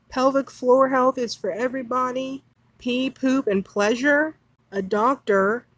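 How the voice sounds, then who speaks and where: A woman's voice: on the high side, dry recording, rough recording. A woman hosting a commentary video, reading text aloud and reacting with indignant, sarcastic remarks and scornful laughs. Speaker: commentary channel host.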